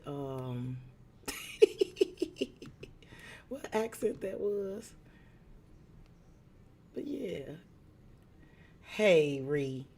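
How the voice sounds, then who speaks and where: A woman tarot reader chatting casually on a live stream, greeting viewers by name and slipping into soft asides. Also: deep voice, a little hiss or hum. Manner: drops into soft asides while fiddling with setup.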